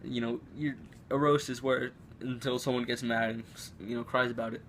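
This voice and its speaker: A man's voice: medium pitch, little pitch movement, normal speed, a bit bright, a little hiss or hum. Rambling teen guy telling a story. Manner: rambling, filler-heavy, restarts often. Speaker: vlogger. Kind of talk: casual storytelling. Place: room at home.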